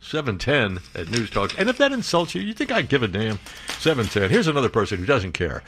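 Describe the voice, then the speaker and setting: A man's voice: mid-range voice, sing-song, a little fast, a bit bright, slight background noise. A man hosting a talk radio show, delivering a sarcastic, mocking monologue and reading news items aloud. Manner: sarcastic, mocking, jumps to put-on voices.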